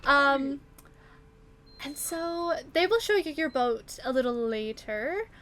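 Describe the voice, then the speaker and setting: A woman voicing a doting, fussy middle-aged mother who speaks softly but sternly. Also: high-pitched, expressive, slow pace, pitched above the performer's own voice, exaggerated voice. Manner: soft, stern, fussing.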